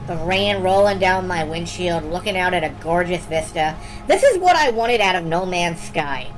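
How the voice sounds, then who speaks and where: A woman's voice: on the low side, expressive, a little slow, faint music behind. Wry, swearing woman streamer playing games. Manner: wry, enthusiastic, swears freely, thinks aloud. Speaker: streamer playing game demos. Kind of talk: casual live-stream commentary.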